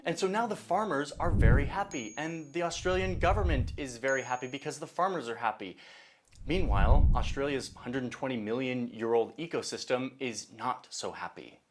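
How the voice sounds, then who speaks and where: A man's voice: mid-range voice, expressive, normal speed, a little hiss or hum. A man narrating a casual explainer video in a chatty, wry way with asides. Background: music.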